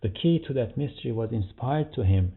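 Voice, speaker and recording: A man's voice: medium pitch, animated, a little fast. A man teaching a religious commentary podcast, reading a passage aloud and then explaining it in plain words, with rhetorical questions. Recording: tinny phone-like audio.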